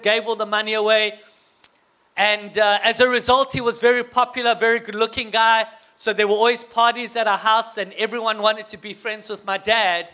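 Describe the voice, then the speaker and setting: A man's voice: sits high, sharp tone. A man with a South African accent telling a humorous personal story to an audience, getting the crowd to call back. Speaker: guest speaker.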